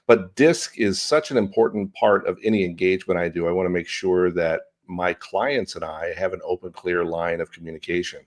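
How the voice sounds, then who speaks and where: A middle-aged man with a very low, deep voice speaks in an animated, expressive way, his inflection moving all over. He is a CEO coach answering questions in a business podcast interview. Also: moderate pace, few pauses.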